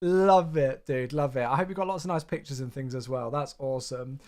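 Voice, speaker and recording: A man chatting casually on a flight-sim live stream, excitable and effusive toward his viewers, sounding tired. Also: mid-range voice, fairly quick.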